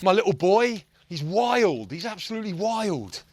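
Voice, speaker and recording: A performance coach in his forties talks casually outdoors on a golf course in a high, somewhat mellow voice with big pitch swings, at a moderate pace and with no room sound. He's intense and blunt, telling stories with the occasional swear word.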